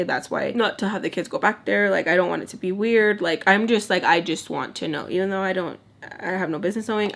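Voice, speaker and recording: A woman's voice: medium pitch, slight background noise. A young woman in her twenties telling a candid story in casual storytime style, mixing in Spanish words and acting out quoted lines. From Texas. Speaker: storytime vlogger. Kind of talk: casual storytime while doing makeup.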